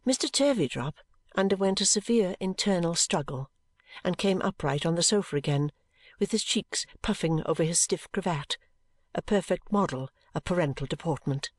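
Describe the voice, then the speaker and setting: An audiobook reader narrating a classic novel in the first person, measured and unhurried. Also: medium pitch, expressive, no echo.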